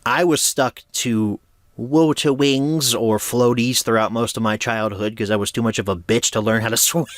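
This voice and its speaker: A man's voice: mid-range voice, a bit bright, no room sound, clean studio sound. A man giving a casual, joking review of a cartoon, laid-back and full of slang.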